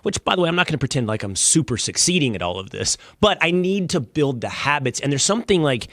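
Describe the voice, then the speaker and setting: A man's voice: a little high, very animated, a bit bright, no room sound. Guy hosting an interview, stop-start way of talking, dry studio sound. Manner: halting, lots of restarts and fillers. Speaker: host. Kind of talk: interview conversation.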